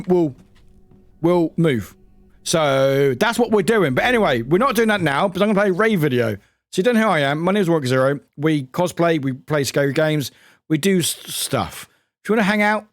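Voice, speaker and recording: A man's voice: high-pitched, dry recording. A man chatting on a live gaming stream, rambling, swearing and yelping when startled. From United Kingdom.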